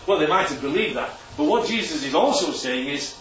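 Man preacher, lively and emphatic, fairly high voice, heard from a distance in a roomy hall with dull, muffled sound. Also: a little fast, few pauses, a little hiss or hum. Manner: animated, emphatic, rhetorical "right?" asides. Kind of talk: sermon. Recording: echoey room, distant mic, dull sound.

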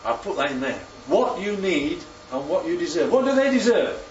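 A man's voice: on the high side, big pitch swings, moderate pace. Man preaching in a roomy church hall. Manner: interactive, asks the congregation questions. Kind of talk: sermon. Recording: roomy, distant, muffled hall recording.

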